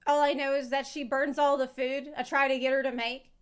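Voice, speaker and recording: A woman's voice: high voice, little pitch movement, fairly quick. A woman streamer reacting to a video, rambling and swearing in casual chat. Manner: rambling, swearing, self-mocking.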